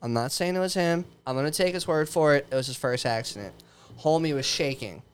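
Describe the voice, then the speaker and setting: Dude telling a story on a podcast in the studio, swears a ton, says dude every other line, kinda high voice. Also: male voice, brisk, a little hiss or hum. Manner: profane, rambling, laughing, drops "dude" often. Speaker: podcast co-host. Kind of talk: casual storytelling chat.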